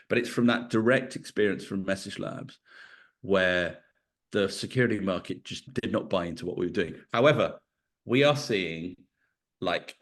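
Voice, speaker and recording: A man's voice: fairly low pitch, fairly bright tone. A middle-aged man answering interview questions in a reflective, storytelling way, thinking aloud as he goes. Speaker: podcast guest, venture investor.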